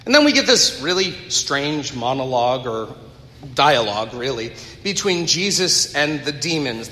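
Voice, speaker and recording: A man's voice: on the high side, pushed and bright. A man preaching a sermon, retelling a story earnestly with conversational asides to the congregation. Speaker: pastor. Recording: echoey hall with long reverb.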